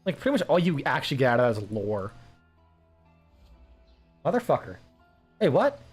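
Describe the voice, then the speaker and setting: A man's voice: medium pitch, big pitch swings, rapid-fire, breathy edge, soft background music. A man casually commenting while playing a game on stream, rambling with lots of filler words and frequent swearing.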